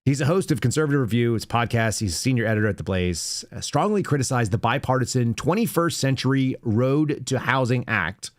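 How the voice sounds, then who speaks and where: Sarcastic man hosting a lively podcast. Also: medium pitch, a little fast, few pauses, no room sound, clean studio sound. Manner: sarcastic, mocking, puts on silly voices. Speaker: podcast host. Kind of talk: commentary on news clips.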